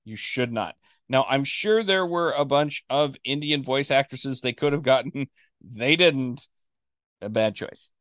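A man co-hosting a casual podcast chat, animated, acting out characters he quotes. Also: medium pitch, measured pace, no echo, studio quality. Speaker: podcast co-host.

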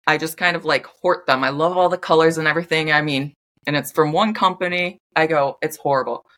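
A woman's voice: low voice, steady tone, fairly quick, fairly bright tone. A young woman talking candidly to camera in a casual self-help monologue, chatty, full of "like" and swearing freely. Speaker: vlogger.

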